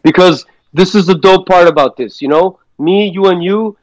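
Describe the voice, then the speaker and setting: A man's voice: high-pitched, moderate pace, dry recording, rough recording. A man guesting on a podcast, telling stories in a laid-back, slangy way and swearing freely. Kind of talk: casual storytelling chat.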